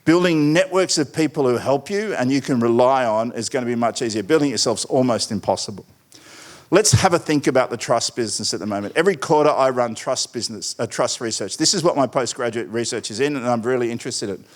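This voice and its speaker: A man's voice: medium pitch, fast. Middle-aged aussie guy doing a conference keynote, wry and rambly, lots of side stories. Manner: wry, digressive storyteller with asides. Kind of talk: conference presentation.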